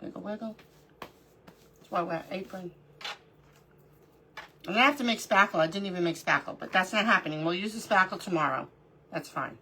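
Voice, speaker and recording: A woman's voice: fairly low pitch, a little fast, long pauses, pushed and bright, slight background noise. A middle-aged woman hosting a live crafting stream, chatting casually, greeting viewers by name and talking to herself as she works. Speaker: livestream crafting host.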